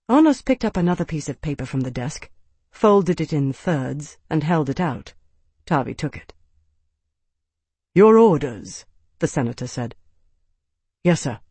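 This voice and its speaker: A man's voice: a little high, darkish tone, breathy edge, no echo. Man narrating an audiobook, dry close sound. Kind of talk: scripted narration.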